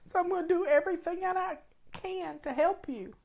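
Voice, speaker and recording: A woman's voice: very high voice, brisk, creaky, lo-fi sound. A woman hosting a casual livestream, reading comments, tearful and sniffly, rambling with many restarts. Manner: rambling, warm, frequent restarts and laughs. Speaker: livestream host.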